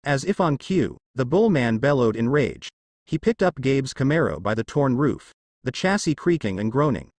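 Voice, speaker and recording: A man reading a fan fiction story aloud as narrator, with lively storytelling delivery. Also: medium pitch, normal speed, no echo.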